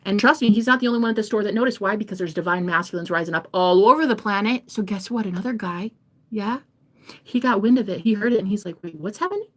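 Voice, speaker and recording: A woman giving a casual reading to camera, animated and profane, sometimes dropping into a whisper. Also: medium pitch, fast talker. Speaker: tarot reader.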